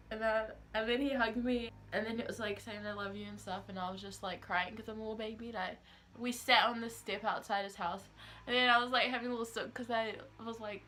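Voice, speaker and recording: With a mid-range, slightly bright voice, a New Zealand teen vlogger chats her way through a storytime. Her Kiwi accent comes through as she fills it with "like" and performs the quotes, with slight noise in the background.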